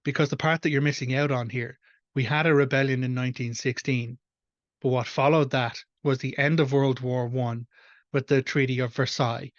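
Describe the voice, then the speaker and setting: A man's voice: medium pitch, level tone, normal speed, no echo, muffled recording. An Irish man hosting a reaction video, ranting bluntly and with frustration. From Ireland. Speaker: host. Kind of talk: reaction commentary.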